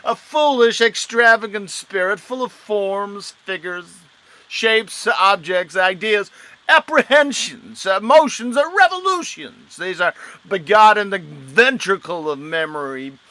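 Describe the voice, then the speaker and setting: An actor playing a pedantic, wordy schoolmaster in a live-streamed Shakespeare reading, with pompous Latin-sprinkled flourishes. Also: male voice, sits high, lively intonation, a little slow, bright, forceful tone, no echo, exaggerated voice. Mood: self-satisfied.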